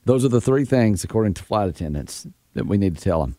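A man's voice: on the low side, very animated, quick pace, warm tone, no room sound, clean studio sound. A middle-aged man co-hosting a radio show, chatting casually, laughing often and telling stories about his son. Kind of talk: casual morning radio banter.

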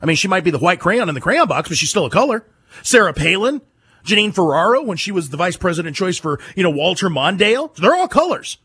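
A man hosting a political talk radio show, combative and mocking with a husky voice. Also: high voice, very animated, sharp tone, dry recording, studio quality. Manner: combative, mocking, rapid-fire.

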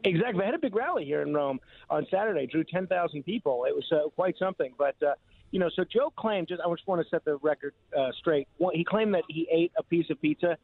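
A man's voice: fairly high pitch, animated, fast talker, creaky. Wry man on a tinny phone line. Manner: wry, teasing. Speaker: radio producer. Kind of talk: casual radio chat.

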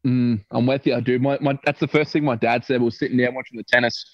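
A man's voice: mid-range voice, fairly even intonation, fast, no room sound. Chatty Australian guy, dull dry sound. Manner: chatty, teasing, reads out release news. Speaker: podcast co-host. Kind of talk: casual music news chat.

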